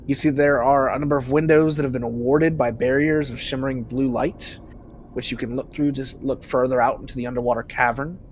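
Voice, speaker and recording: A man narrating a tabletop game as game master, relaxed and filler-laden. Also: mid-range voice, fairly quick, slight background noise.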